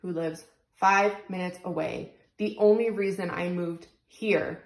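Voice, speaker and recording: A woman's voice: fairly low pitch, fairly even intonation, unhurried, roomy sound, low-quality recording. A young woman venting tearfully and rambling about her frustrations into her phone, close to crying. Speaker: single mom vlogger. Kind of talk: emotional venting vlog.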